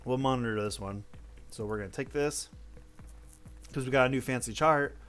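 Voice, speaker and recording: A man's voice: medium pitch, moderate pace, music in the background. A man hosting, reading news stories aloud with blunt, offhand asides and some cursing. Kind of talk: casual news read-through with commentary.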